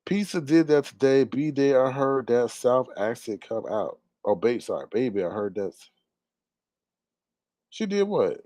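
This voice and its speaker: A man's voice: medium pitch, lively intonation, a little slow, mellow, dry recording. A young man, gossiping sassily in casual commentary with laughing asides. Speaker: commentary vlogger.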